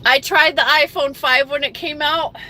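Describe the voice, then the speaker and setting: A middle-aged woman with a bright, somewhat high voice talks slowly and emphatically in a casual livestream chat, reading viewers' comments aloud. She sounds emotional, as if she has just been crying, and a faint hum of a vehicle runs behind her. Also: steady tone, rough recording.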